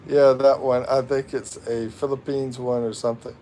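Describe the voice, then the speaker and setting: A man's voice: medium pitch, level tone, normal speed, mellow, slight background noise. A man with an American accent hosting a casual livestream, rambling and reading viewer comments, laughing at himself. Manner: rambling, self-mocking, laughs often. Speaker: livestream host. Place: home in the Philippines.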